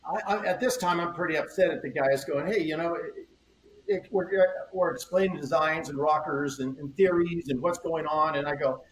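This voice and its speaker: A man's voice: a little high, moderate pace, slight background noise. An older man, a surfboard shaper guesting on a podcast, telling stories in a rambling way, repeating words and acting out conversations. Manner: rambling, repeats words, acts out quoted exchanges. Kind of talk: casual interview storytelling. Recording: roomy echo, faint ambience.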